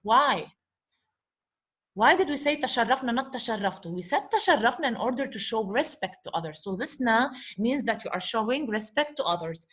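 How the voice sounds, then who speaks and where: A woman with a somewhat high voice teaches Arabic vocabulary in English. She walks through a dialogue, asks her class questions, answers them herself, and goes over each point twice. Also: animated, brisk, a bit bright. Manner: talks to her class as guys. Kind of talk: explaining vocabulary from a lesson dialogue.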